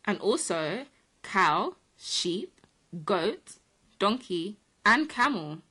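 A woman co-hosts a children's program. Her voice moves up and down in a sing-song way, and she sounds bright and enthusiastic. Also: mid-range voice, very animated, drawn-out words, husky. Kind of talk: children's TV presenting.

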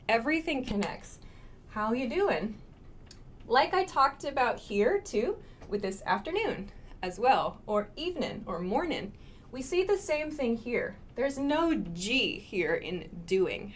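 A woman teaching casual English phrases in a relaxed live lesson, demonstrating pronunciation slowly and laughing often. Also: on the high side, slight background noise. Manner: slow, clear demonstrations with laughs.

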